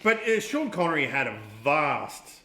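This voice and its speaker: High-pitched Australian man, laid-back. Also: sing-song, a little slow, sharp tone, reverberant. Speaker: podcast co-host. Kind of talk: casual chat.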